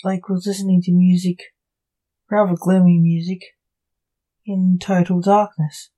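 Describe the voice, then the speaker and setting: A woman author reading her own gothic short story aloud in a measured storytelling manner. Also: on the low side, level tone, mellow, poor audio. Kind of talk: audiobook narration.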